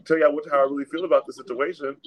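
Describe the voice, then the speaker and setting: A young man on a casual podcast chat, telling stories with lively acted-out quotes. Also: on the high side, racing, crowd noise, rough recording. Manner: animated storytelling, acts out the people he quotes. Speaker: podcast co-host.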